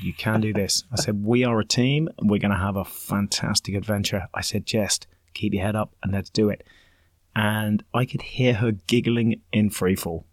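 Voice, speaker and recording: A man in his forties, a skydiving instructor, chatting casually and briskly, acting out what people said to him. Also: fairly low pitch, no room sound, studio quality. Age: 40s. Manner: brisk and enthusiastic, acts out quoted lines. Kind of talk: casual chat.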